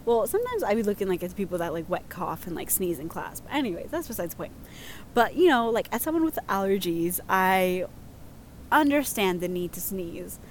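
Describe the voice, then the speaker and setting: A woman's voice: medium pitch, sing-song, fairly quick, a little hiss or hum. A young woman casually reading out listener stories, chatty and prone to giggling. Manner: giggly, chatty, lots of fillers. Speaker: host reading listener submissions. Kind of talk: casual chat.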